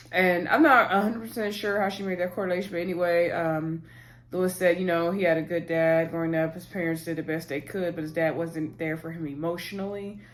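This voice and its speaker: A woman casually recapping a reality TV episode, chatting to viewers as "y'all" and retelling scenes through quoted lines. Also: on the low side. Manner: retells scenes by quoting cast members.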